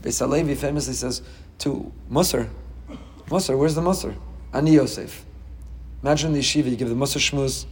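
A middle-aged man teaching a Torah class as a rabbi, dramatic and animated, with quick humorous asides. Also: mid-range voice, big-room sound.

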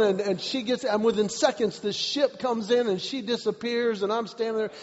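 A man preaching a sermon, telling a personal story in an animated way, repeating words and shouting at the climaxes. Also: very high voice, moderate pace, few pauses, a little hiss or hum. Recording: dull recording with long hall reverb.

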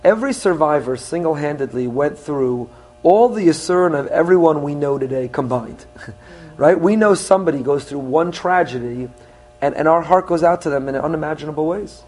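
A man's voice: fairly high pitch, moderate pace, a little mellow. Earnest man teaching a sermon. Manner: earnest teaching, with rising emphasis on key points; mixes English with Hebrew phrases. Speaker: rabbi.

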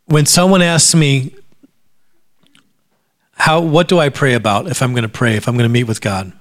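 A man's voice: mid-range voice, steady tone, normal speed. A man preaching as a pastor at a church service, talking conversationally, often repeating words as he starts a sentence, with dry sarcastic asides. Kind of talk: sermon.

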